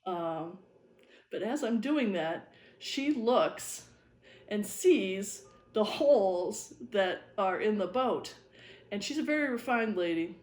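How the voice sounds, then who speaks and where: A woman's voice: mid-range voice, lively intonation, slow, a little mellow. Wry, easygoing woman in an echoey room. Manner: easygoing anecdotal telling, wry and chuckling. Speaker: fly-tying video host and former fishing guide. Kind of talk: casual storytelling while tying flies. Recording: echoey room with faint noise.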